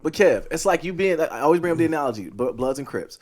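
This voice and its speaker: A man's voice: a little high, lively intonation, a little mellow. A man co-hosting a casual sports podcast, joking and arguing his points. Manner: quick, joking, argumentative. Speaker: podcast co-host.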